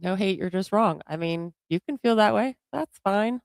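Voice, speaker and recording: A woman's voice: medium pitch, expressive, normal speed, gravelly, dry recording. A woman co-hosting a livestream in casual political chat, bluntly answering chat comments. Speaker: co-host of a livestream.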